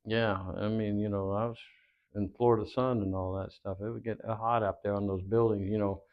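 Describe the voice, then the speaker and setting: A man with a lowish, clear, resonant voice talks fairly quickly with little pitch movement while telling long wrestling-career stories as an interview guest. He rambles, uses many fillers, and acts out dialogue, and the audio is dull and lo-fi.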